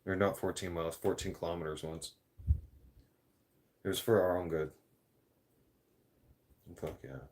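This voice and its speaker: A man with a somewhat low voice vents on camera in a loose, profane rant. He talks bluntly, circles back on himself and trips over his words as he goes. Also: steady tone, measured pace, pauses often, darkish tone. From Canada. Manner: blunt, profane, rambling with restarts. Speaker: vlogger. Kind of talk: ranting vlog.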